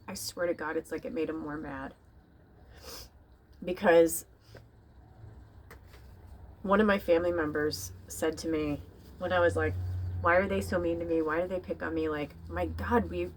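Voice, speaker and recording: A woman's voice: on the low side, darkish tone, slight background noise. A woman who works as a spiritual medium, talking casually and emotionally about her life in a rambling, confessional way, swearing now and then and sometimes dropping to a whisper. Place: tiny home.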